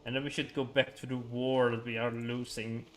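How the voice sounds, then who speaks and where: A man's voice: mid-range voice, little pitch movement, moderate pace, faint music behind. A young man chatting casually on a gaming livestream, rambling with frequent chuckles and filler words.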